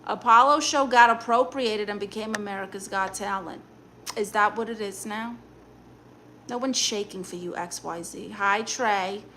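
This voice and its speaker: A woman's voice: mid-range voice, background noise, lightly acted. A woman playing a sassy Brooklyn aunt. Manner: blunt, sassy, quick comebacks. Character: sassy, blunt aunt giving love advice. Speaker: live-stream host. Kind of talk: in-character live-stream comment reading.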